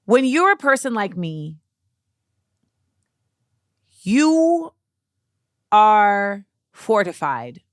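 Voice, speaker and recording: A woman podcast host tells a personal story in an unhurried, measured way. She pauses and restarts often as she searches for words. The sound is dry and close, with no room echo at all. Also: mid-range voice, clean tone. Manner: slow, reflective, halting with restarts.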